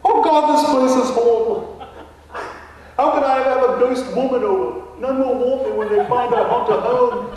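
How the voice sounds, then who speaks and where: A man's voice: very high voice, steady tone, moderate pace, darkish tone, pitched above the performer's own voice. Man playing a fussy snobbish Englishman ghost, put-on English accent, pompous, dramatic, long hall reverb, faint noise. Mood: wailing. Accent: put-on English, Texan trying to sound English. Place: contest stage in a hall. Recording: echoey hall from far off.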